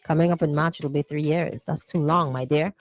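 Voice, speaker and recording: A woman's voice: deep voice, fairly even intonation, brisk, dry recording, soft background music. A woman hosting a morning radio show, playfully reading listener messages and teasing them. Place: radio studio.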